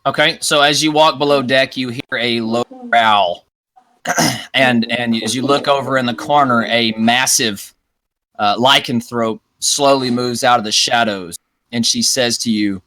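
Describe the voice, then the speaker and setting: A man running a tabletop game as dungeon master, walking the players through each scene. His voice has a bright, forward edge, and he talks at a middle pitch, filling pauses with small "uh"s as he describes the action. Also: fairly even intonation. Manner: descriptive storytelling with fillers.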